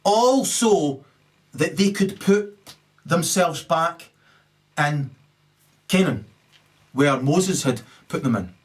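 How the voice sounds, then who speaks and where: A man delivering a rambling solo rant, swearing heavily and tagging "right?" onto his sentences, lurching from loud high bursts to low mutters. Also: lively intonation, slow pace, pauses often. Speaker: solo video commentator.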